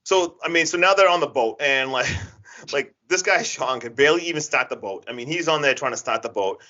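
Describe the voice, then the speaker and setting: A man's voice: medium pitch, brisk, sharp tone, highs cut off. A man co-hosting a podcast, chatting casually and animatedly as he retells a slasher movie, laughing and acting out scenes. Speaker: podcast co-host. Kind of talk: casual chat recapping a movie.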